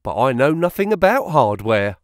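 A man's voice: medium pitch, sing-song, normal speed, dry recording, studio quality, lightly acted. A man voicing a young male clerk, eager and modest, giving plain, earnest replies in an audiobook reading. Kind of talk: audiobook character voice.

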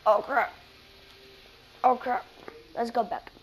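A young woman commenting casually on her online shooter match, chatty with sudden excited outbursts, tired and yawning with a slight cough. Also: fairly high pitch, slow pace, a little hiss or hum. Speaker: gamer. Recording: game music playing clearly behind.

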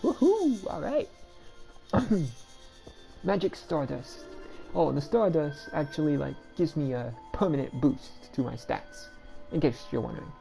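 A woman giving casual, chatty commentary as she plays through a game, with quick self-deprecating asides. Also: low-pitched, gravelly, mellow, faint music behind. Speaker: gameplay commentator.

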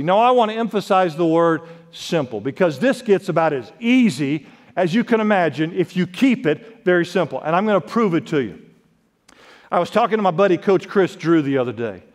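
A man preaching a sermon as pastor, swinging between loud emphatic lines and quiet drops, quoting scripture. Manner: preaching with sharp swings in pitch and volume, quotes scripture. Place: church sanctuary. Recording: long reverb of a worship hall.

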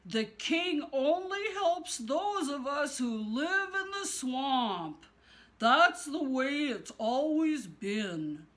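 Smug storybook swamp lizard, read by a woman: condescending, bright, slow and sing-song. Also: high-pitched, big pitch swings, pitched above the performer's own voice, heavily acted. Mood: sly.

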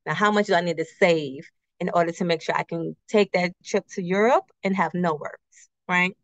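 A woman's voice: lowish voice, moderate pace, no echo. Chatty woman teaching budgeting basics. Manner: conversational, keeps checking in with "right?" and rhetorical questions; uses everyday personal examples. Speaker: credit union financial educator. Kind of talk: casual workshop presentation with slides. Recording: slightly muffled, dry recording.

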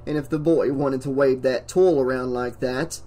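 A man's voice: medium pitch, steady tone, normal speed, warm tone. A man reading a horror novel aloud as an audiobook narrator, with dramatic emphasis.

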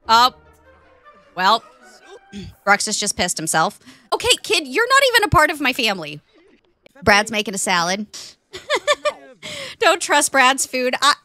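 A woman streamer giving excitable live commentary on a game, laughing often and exclaiming over what happens on screen. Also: sits high. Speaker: Twitch streamer.

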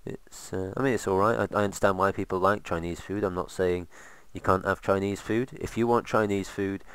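A man's voice: sits low, steady tone, fairly quick, fairly bright tone, smooth, no room sound. A man casually commentating while playing a game, rambling with sarcastic asides. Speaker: let's play host.

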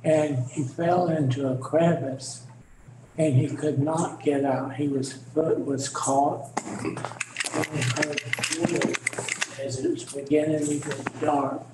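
Man in bible class telling a story real slow, echoey noisy room. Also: a little high, fairly even intonation. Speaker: class member. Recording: echoey room with background noise.

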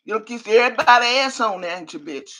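A woman's voice: mid-range voice, lively intonation, fast talker, pushed and bright. An older woman on a live stream, cursing and trash-talking while she reads out viewer names. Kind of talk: profane live-stream rant.

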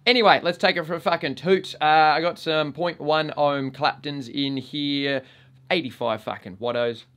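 A man's voice: on the high side, fairly even intonation, moderate pace, a bit bright. An Australian man talks casually to his camera, swearing in almost every sentence. His delivery is blokey and joking, like a laid-back host chatting with his regular viewers. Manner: crude, swears constantly, blokey banter. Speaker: vape reviewer and channel host. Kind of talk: casual vlog review.

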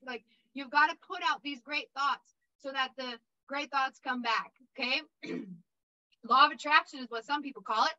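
Casting: high-pitched, bright woman, upbeat casual instructor, lo-fi recording. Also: moderate pace. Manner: upbeat, repetitive, checks in with 'okay?'. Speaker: insurance exam prep instructor. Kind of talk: casual motivational teaching.

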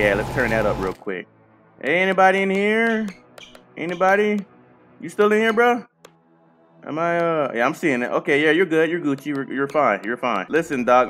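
A man playing a horror game and commenting as he goes, bantering with the characters and yelling loudly when scared. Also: mid-range voice. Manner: loud excited reactions, slangy banter with game characters. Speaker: gaming streamer.

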